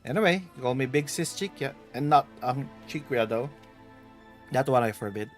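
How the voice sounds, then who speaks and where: A man's voice: medium pitch, lively intonation, moderate pace, faint music behind, natural voice. A man reading game dialogue aloud, voicing a playful older woman treasure hunter with a bad back, in a teasing, bossy manner.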